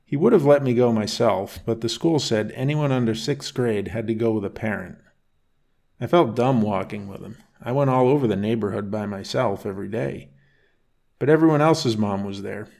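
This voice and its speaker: A man narrating a first-person bedtime story in a calm, unhurried reading voice. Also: on the low side, vocal fry.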